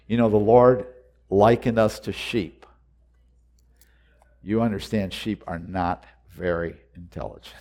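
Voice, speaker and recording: A man preaching a sermon, earnest and repetitive, moving between quiet reflective lines and loud urgent exhortations. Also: lowish voice, fairly even intonation, a little slow, pauses often.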